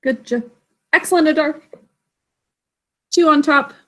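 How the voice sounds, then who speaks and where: Over a video call, a woman teaches an online literacy lesson, carefully sounding out words and encouraging her students. Her voice sits high and sharp, and she speaks a little slowly.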